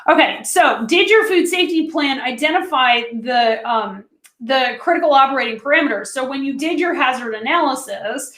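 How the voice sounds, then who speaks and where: A woman presents a training session in a relaxed, conversational way, speaking straight to her listeners as if they were friends. Her voice sits a little high. The recording has a noticeably roomy echo. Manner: chatty and direct, talks to listeners as friends. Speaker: food safety consultant presenting a webinar.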